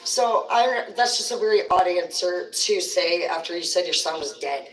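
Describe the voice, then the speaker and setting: A woman's voice: on the low side, animated, normal speed. Cursing woman telling stories on a stream. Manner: profane, rambling, blunt. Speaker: livestream host. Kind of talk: casual storytelling on a livestream. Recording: roomy sound, distant from the mic.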